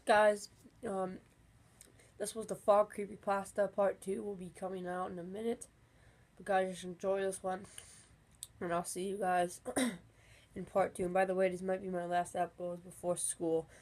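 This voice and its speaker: A woman's voice: medium pitch, little pitch movement, moderate pace, a little mellow. A woman casually signing off to her viewers in a loose, chatty way with fillers. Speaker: channel host.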